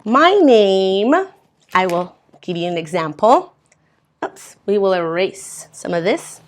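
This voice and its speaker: Woman, from Mexico, ESL teacher, slow pace, mid-pitched voice, patient textbook explanations. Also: animated. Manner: patient, explains words step by step. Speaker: English as a second language teacher. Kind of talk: reading and explaining a textbook lesson.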